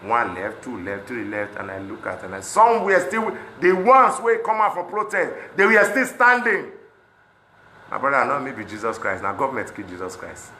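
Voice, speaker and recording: A Nigerian man with a Pidgin-inflected accent, speaking in an impassioned monologue that swings between loud outbursts and low muttering. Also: animated, normal speed, a little hiss or hum. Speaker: celebrity speaking on protests. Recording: echoey room.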